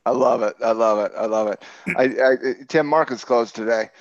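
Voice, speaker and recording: A man hosting a market show, joking and sarcastic as he riffs with his co-host. He talks at a middling pitch, and the recording sounds dull and dry. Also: normal speed, no echo. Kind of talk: casual market talk with a co-host.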